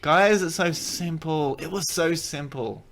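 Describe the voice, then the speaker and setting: A man who makes gaming videos rambles through a casual tutorial, joking and correcting himself mid-play. His voice is on the high side and a little slow, and the recording is very noisy.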